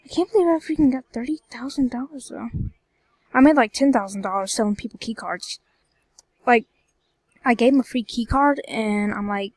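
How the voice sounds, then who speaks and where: A woman with a fairly high voice talks loosely over her gameplay, rambling along and breaking into exclamations and grumbles. The sound is close and dry, with no room around it. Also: moderate pace, long pauses, no room sound. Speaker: gameplay video creator. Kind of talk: casual gameplay commentary.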